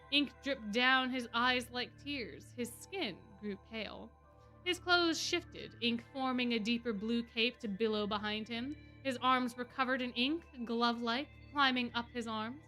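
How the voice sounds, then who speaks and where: Woman streamer reading a story aloud, high bright voice, faint music behind. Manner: expressive, laughing asides. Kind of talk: reading fan fiction aloud.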